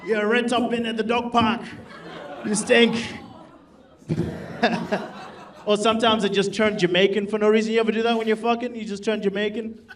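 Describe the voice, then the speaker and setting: Brash high-voiced male comic, live crowd. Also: level tone, moderate pace, pauses often. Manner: brash, crude, laughing at his own jokes. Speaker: stand-up comedian. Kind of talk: stand-up comedy set. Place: live comedy club. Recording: distant stage mic, loud crowd. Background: audience laughter.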